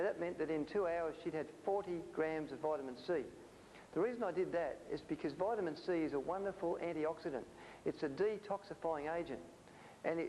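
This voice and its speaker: A man's voice: fairly high pitch, darkish tone. A man delivers a health presentation in a slightly raised voice, telling stories from his practice with frequent "uh"s and restarted phrases. The recording is hissy, and the voice trails off in the long reverb of a hall. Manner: anecdotal storytelling with frequent fillers and restarts. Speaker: natural health lecturer.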